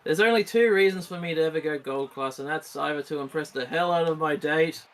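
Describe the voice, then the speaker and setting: A man's voice: a little high, brisk, fairly bright tone. Giggly rambling man. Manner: rambling, restarts often, giggly. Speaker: streamer co-host. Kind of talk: casual chat during a gameplay stream.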